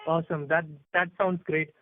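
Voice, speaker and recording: A man's voice: on the high side, flat delivery, normal speed, faint music behind. A man with an Indian English accent, an analyst asking polite, hedging questions on an earnings call. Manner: polite, thanks often, hedging. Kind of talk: conference call Q&A. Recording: dry tinny phone line.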